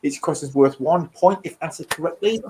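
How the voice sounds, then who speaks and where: A man's voice: a little high, fairly quick, background noise. Man hosting a casual quiz. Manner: reads out rules and questions, joking asides. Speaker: quiz host.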